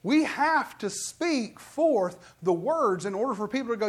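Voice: mid-range voice, expressive, a little slow, husky. A pastor preaching a sermon in a church, talking conversationally and asking the congregation questions.

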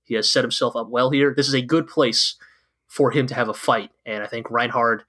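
Bright-voiced enthusiastic man, rambling. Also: medium pitch, steady tone, fairly quick, husky. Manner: enthusiastic, rambling with many fillers. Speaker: podcast co-host. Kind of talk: casual anime recap chat.

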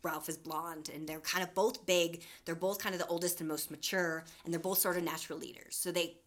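A woman's voice: on the low side, steady tone, brisk, a bit bright. A woman in casual conversation about a book, chatty and swearing freely as she retells scenes. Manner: chatty, swears freely, acts out characters' lines. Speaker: podcast co-host.

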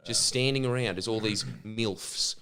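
A man's voice: fairly low pitch, measured pace, pushed and bright, slight background noise. A man, co-hosting a podcast and telling a long story in a rambling, self-mocking way. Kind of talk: casual storytelling chat.

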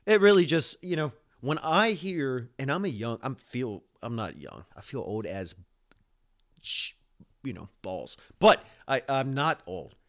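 A man's voice: mid-range voice, animated, unhurried, a bit bright. A man, hosting a casual podcast monologue, rambling and profane with many fillers. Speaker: podcast host.

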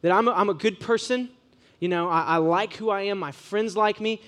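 A young man from Ohio, preaching to students in a casual, joking sermon full of animated storytelling. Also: high voice, brisk. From Ohio, USA.

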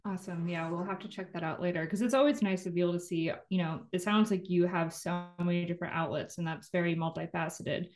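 Play a woman co-host with a slightly low voice, encouraging, loose with fillers. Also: steady tone, quick pace, few pauses, darkish tone. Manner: encouraging, fills with "um" and "you know". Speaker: podcast co-host. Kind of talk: casual interview talk.

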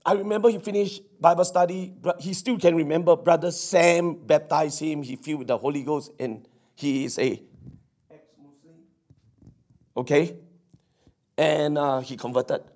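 A male pastor preaching a sermon, telling a story with excited exclamations and stammered restarts. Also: a little high, moderate pace.

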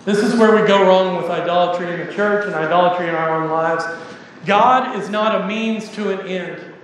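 A man's voice: high voice, normal speed, a little hiss or hum. A man with a Texan accent preaching a sermon as pastor, emphatic and joking with the congregation. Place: church sanctuary. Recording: echoey church hall with reverb.

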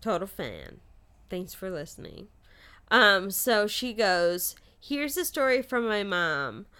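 Casting: woman podcast host, bright voice, easygoing storyteller. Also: mid-range voice, very animated, takes it slowly, clear, resonant tone. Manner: laughs easily, easygoing storytelling. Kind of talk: casual chat, reading listener stories.

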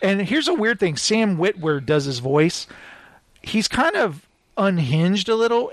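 Male podcast host, high voice, loose amused rambling delivery, dry close sound. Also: animated, a little slow, no echo. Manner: chatty and amused, full of filler "like". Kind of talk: casual podcast chat.

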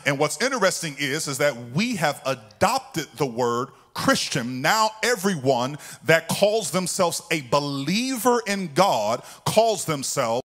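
A man, a pastor, preaching a sermon to his church. He swings between a sung, climbing preaching cadence and a calm, low teaching voice. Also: measured pace, few pauses.

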